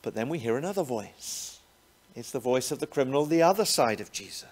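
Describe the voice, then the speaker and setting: A man's voice: mid-range voice, lively intonation, a little fast, darkish tone. A man preaching a sermon, often ending points with rhetorical tag questions. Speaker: pastor.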